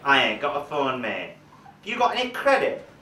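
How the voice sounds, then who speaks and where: A man's voice: mid-range voice, moderate pace, slight background noise. A man doing a blunt young mugger. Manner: flat, clipped street talk ending lines with "mate". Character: young male train mugger, blunt and persistent. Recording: roomy stage sound from a distant mic.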